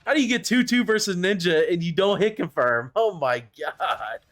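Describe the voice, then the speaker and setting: Young guy picking apart his own fighting game match, kinda high voice, rambly and hard on himself. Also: very animated, a little fast, a bit bright. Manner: self-critical, rambling, swears and laughs at himself. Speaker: gaming YouTuber reviewing his own tournament match. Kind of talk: casual commentary over gameplay footage.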